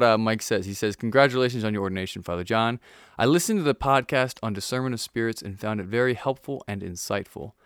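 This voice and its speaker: A male podcast host with a low, smooth voice chats casually and jokes with his co-host. He reads a listener's email aloud between laughs. The sound is dry and close, with soft guitar music underneath. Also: no room sound.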